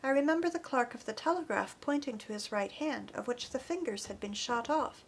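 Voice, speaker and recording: Woman reading a book aloud, earnest and expressive, a bit high-pitched. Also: a little fast, slightly rough. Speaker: audiobook reader. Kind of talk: scripted narration.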